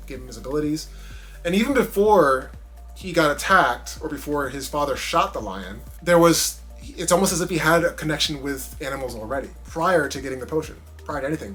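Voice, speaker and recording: A man giving a casual spoken movie review, animated, with emphatic bursts and muttered asides. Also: mid-range voice.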